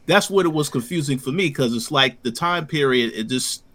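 Bright-voiced man laying out his points. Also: mid-range voice, expressive, a little fast. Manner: structured, lays out points one by one. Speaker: podcast co-host reviewing a TV episode. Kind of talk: casual chat.

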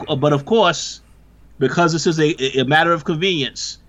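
A man co-hosting a casual TV recap, explaining plot points in a measured way with some stammered restarts. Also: on the high side, a bit bright. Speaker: podcast co-host. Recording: dull lo-fi sound.

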